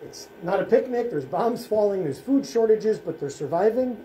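Dark-voiced rabbi speaking to students. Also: male voice, sits high, animated, moderate pace, slight background noise. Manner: solemn storytelling, short punchy phrases. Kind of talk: school presentation. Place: school room. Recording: echoey room, faint ambience.

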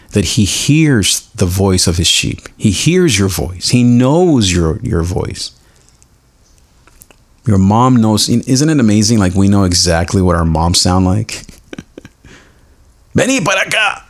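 A man hosting a devotional podcast, animated and self-mocking, who explains Hebrew words slowly and laughs often. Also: low voice. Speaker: podcast host.

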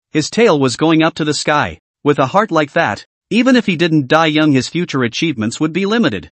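A man narrating a comic story recap from a script in a steady storytelling read. His voice sits fairly high and moves a lot in pitch, with a dry, close sound. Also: dry recording.

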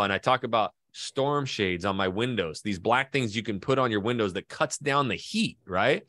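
A man's voice: fairly low pitch, a bit bright, no room sound. A man from Idaho, a guest in a casual interview, telling long stories and swearing casually. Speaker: guest, real estate agent and video creator.

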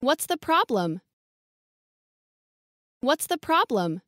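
Female English lesson reader: slow, clear sentence drills, bright singsong pitch, dry close sound. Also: sing-song, dry recording. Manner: reads each short sentence twice.

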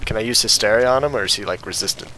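A man casually commenting on a video game he plays, animated and laughing often. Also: lowish voice, rapid-fire, background noise. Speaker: game streamer.

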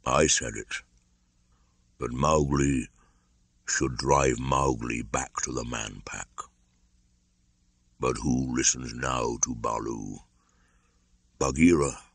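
An older man voicing an aged, nearly blind male bear who speaks slowly and tenderly in a storybook reading. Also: a bass voice, no room sound, full character voice. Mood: sorrowful. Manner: slow, gentle, fatherly.

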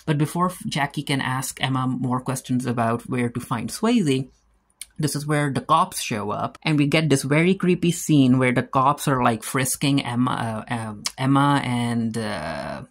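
A casual TV episode recap from a reviewer who rambles through the plot in a breezy, unpolished way. The delivery is loose and conversational, full of fillers and throwaway "blah blah" asides. The pitch sits in a middling range. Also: lively intonation, measured pace.

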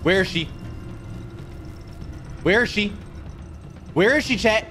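A man's voice: sits high, takes it slowly, fairly bright tone, slight background noise. A young man streaming a horror game, panicking, yelping and muttering to himself. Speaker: gaming streamer. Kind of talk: live horror game commentary.

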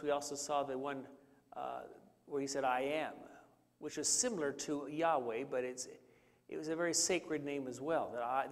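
A man preaching a conversational Bible study, teaching with fillers and questions to the congregation. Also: fairly high pitch. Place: church sanctuary. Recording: church hall reverb.

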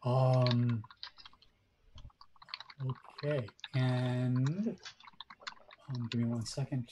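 A man narrating as game master of a tabletop game, with hesitant pauses and many fillers. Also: medium pitch, steady tone, noisy background. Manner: hesitant, many ums and likes.

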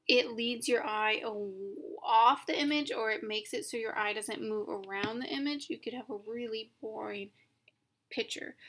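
Young woman teacher, casual lecture voice, slightly high, informal and self-correcting. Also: a bit bright. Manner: informal, thinks aloud with many ums and self-corrections. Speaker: art teacher. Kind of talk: casual recorded lecture over slides.

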